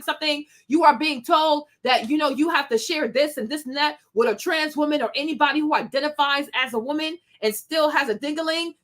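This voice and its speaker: A woman with a high, fairly bright voice hosts a commentary show, reacting to a clip. Her talk is sassy and emphatic, with preachy asides.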